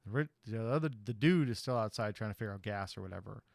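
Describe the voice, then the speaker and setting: Fast and expressive, a podcast host with a fairly low, creaky voice casually recounts a horror movie's plot in a rambling way. He voices the characters' lines and swears loosely in slang, captured in clean studio sound with no echo.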